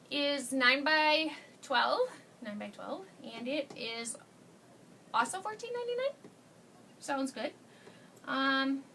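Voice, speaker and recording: Hosting a casual live craft demo, a woman chats and gushes to viewers, laughing often. Her voice is high-pitched and sharp, picked up by a distant mic with a little hiss or hum.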